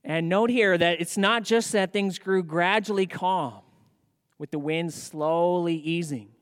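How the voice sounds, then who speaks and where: Male pastor, sermon, lively rhetorical questions, smooth resonant voice, long church reverb. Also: high-pitched, a little slow. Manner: animated preaching with rhetorical questions.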